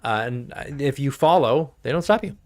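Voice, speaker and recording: A game master narrating a tabletop game on a live stream, playful and quick to swear and laugh. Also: mid-range voice, animated, darkish tone.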